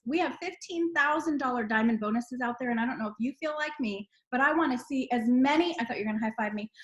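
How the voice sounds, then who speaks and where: A woman leads a team sales call over video. Her high voice is gushing and encouraging, full of praise for her team. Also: a bit bright.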